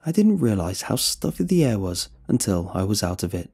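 A man narrating a horror story in a measured, dramatic way. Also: lowish voice, sing-song, vocal fry, darkish tone, husky, faint music behind.

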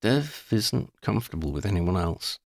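A man's voice: fairly low pitch, sing-song, creaky, no room sound, clean studio sound, exaggerated voice. Oddie, a man voicing a tactful young wizard. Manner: polite, measured, tactful. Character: polite careful young wizard, thoughtful.

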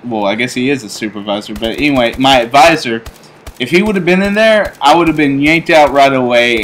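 A man in his twenties telling a personal story in a casual, rambling way, full of fillers and restarts, growing animated as he recounts it. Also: a little high. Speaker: YouTuber telling stories. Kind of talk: casual storytelling over gameplay.

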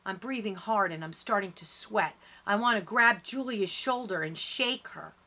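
A woman reading a first-person audiobook in steady, lower-key narration. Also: normal speed.

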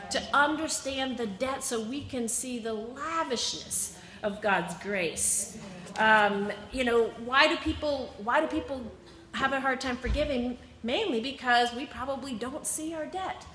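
A woman's voice: sits high, bright, forceful tone, a little hiss or hum. A woman teaching a Bible class, reading scripture aloud and explaining it in loose, self-correcting asides. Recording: echoey room.

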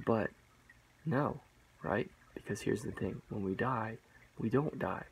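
A man with a low, gravelly voice delivers a mock sermon straight to his viewers. He circles back on his points, repeats lines for emphasis, and calls the audience guys and bro. A faint hiss sits under the recording. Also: slow pace, poor audio. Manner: repetitive, emphatic, rambling.

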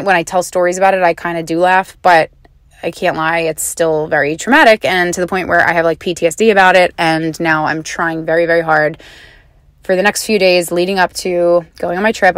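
Earnest, chatty woman podcast host, lowish voice. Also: a bit bright, no echo. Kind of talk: podcast monologue.

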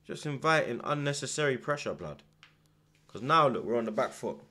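A man hosting a live football watchalong, reacting loudly to the match with slang and swearing, shouting instructions at the players. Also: medium pitch, fairly quick. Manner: excitable, shouts at the screen, heavy slang and swearing.

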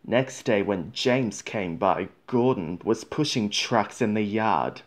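A man reading a children's storybook aloud in a gentle, measured way. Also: on the low side, expressive.

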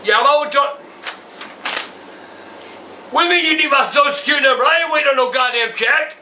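An older man, yelling and cursing on an angry phone call. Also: very high voice, fast, a little hiss or hum. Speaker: grandfather.

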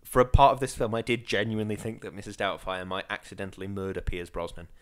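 A male podcast co-host in casual film chat. He talks in loose, rambling runs and laughs often, with animated bursts. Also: lowish voice, quick pace.

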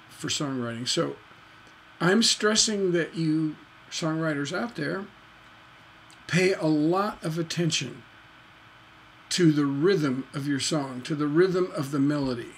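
A man teaching songwriting on a charity livestream in a relaxed, folksy way, humming melodies on "da da" to show his points. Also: a little high, a little slow, long pauses, slight background noise.

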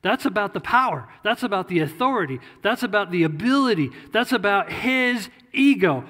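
Male pastor, sermon, high voice, conversational, repeats phrases, long church-hall reverb. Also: expressive, normal speed, hardly any pauses, sharp tone. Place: church sanctuary.

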